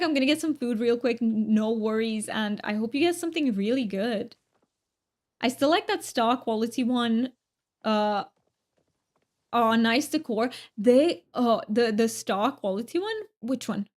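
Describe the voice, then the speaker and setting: A woman streaming live, chatting casually with viewers, often giggling and thanking them by name. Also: a little high. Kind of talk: casual livestream chat.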